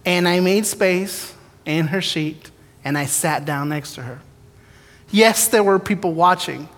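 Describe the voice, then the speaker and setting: A man's voice: sits high, measured pace, fairly bright tone. A man giving a storytelling sermon, candid and self-deprecating, acting out his prayers and the dialogue in his story. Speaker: preacher giving testimony. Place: church sanctuary. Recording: long echo of a large hall.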